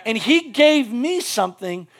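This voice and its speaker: High-voiced animated male preacher. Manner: animated, quick shifts between loud bursts and hushed asides; casual, with many "like" fillers. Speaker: pastor. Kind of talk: sermon.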